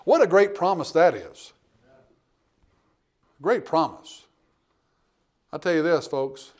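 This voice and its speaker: A male pastor preaching a sermon, reading scripture aloud and swinging between loud fervent preaching and hushed, intimate storytelling. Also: on the high side, animated, slow pace. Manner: reads scripture aloud in King James wording.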